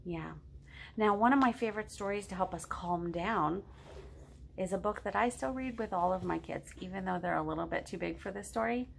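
At a children's storytime, a middle-aged woman reads a picture book aloud, gentle and encouraging as she asks the kids questions. Her medium-pitched voice moves briskly with some vocal fry, over slight background noise.

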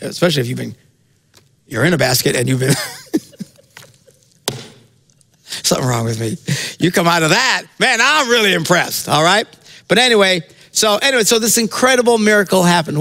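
A man preaching a sermon as pastor, telling the story with lively jokes and sudden shouted bursts. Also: on the high side, creaky. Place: church sanctuary.

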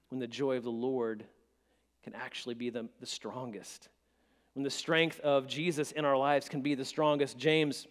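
A male pastor delivering a sermon with a fairly high-pitched voice, moving between quiet, intimate passages and forceful emphatic ones. He often restarts phrases with repeated words, and a long church-hall reverb hangs behind him. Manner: swings from hushed to emphatic, stammering restarts. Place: church sanctuary.

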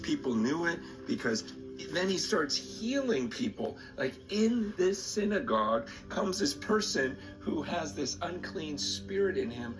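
A man preaching in a recorded sermon video, emphatic and passionate, his pitch swinging up and down. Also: very animated, measured pace, low-quality recording. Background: music.

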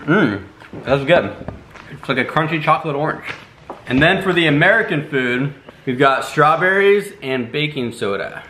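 A man's voice: a little high, expressive, normal speed, pushed and bright, a little hiss or hum. A man hosting a casual family vlog taste test, teasing and announcing each round like a game show. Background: background music.

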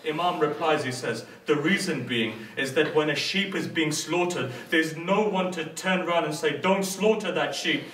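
In a mosque hall, a British man delivers a majlis sermon, narrating a story dramatically and voicing each figure in turn. He speaks British English in a slightly high, somewhat bright voice, at a normal speed with few pauses. The sound is echoey, picked up by a distant mic.

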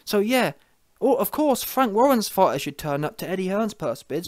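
Young male commentator, slightly high voice, dry close recording, sneering and combative, breaks into mocking impressions. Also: lively intonation, normal speed, no room sound. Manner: mocking, confrontational, mimics opponents' fans in sing-song voices. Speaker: boxing commentary host. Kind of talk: ranting video commentary.

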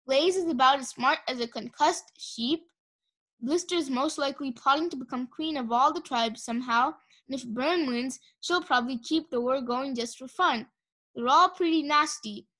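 A woman's voice: high voice, normal speed, bright, forceful tone. A woman voicing a bookish, gloomy young male dragon who lectures, in a storybook reading.

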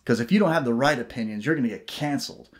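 A man rants to camera in a solo vlog, his voice pitched in the middle of the male range. He gets heated, swears freely and drifts off on tangents. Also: rapid-fire. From United States. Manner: heated, profane ranting with tangents and mocking quoted voices. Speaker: vlogger.

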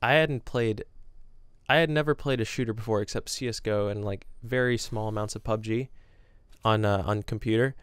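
A man's voice: fairly low pitch, fairly quick, clear, resonant tone, no room sound, studio quality. A young man chatting casually to his camera, telling rambling, self-deprecating stories about work and games. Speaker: gaming vlogger. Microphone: camera with green screen.

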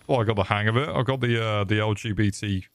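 Brief: young male streamer, lowish voice, rambling, swears constantly, jokes at himself. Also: fast talker, no echo. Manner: profane, rambling, jokey. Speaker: gaming streamer. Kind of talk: casual livestream commentary.

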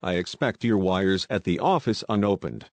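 A man reading the part of a brash, excitable young American man who talks in slang and tells his story in a hurry. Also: low voice, no room sound. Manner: slangy, talkative, hurried storytelling.

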